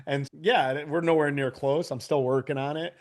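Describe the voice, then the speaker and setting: A man in his forties with a fairly high, steady voice speaks at normal speed as a podcast guest and business owner. Loose and casual, he tells animated stories, laughs often and swears freely.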